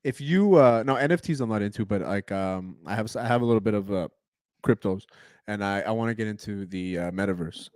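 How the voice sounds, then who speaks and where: A man co-hosts a casual sports podcast in quick, blunt bursts, restarting his sentences and swearing as he goes. His voice is recorded close and dry, with no room sound around it. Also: lowish voice, a little mellow, dry recording. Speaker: podcast co-host.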